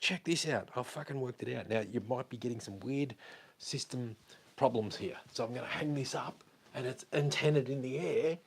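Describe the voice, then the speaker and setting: A livestream host with a gravelly, slightly rough, medium-pitched voice speaks at a moderate pace. He tinkers with gear on a wireless mic, rambling casually and swearing as he walks down a hallway and around his house.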